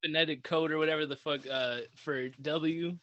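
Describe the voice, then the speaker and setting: A man's voice: fairly high pitch, steady tone, moderate pace, fairly bright tone, lo-fi sound. A man hosting a podcast in casual, laid-back, profane chat. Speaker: podcast host. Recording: noisy podcast mic.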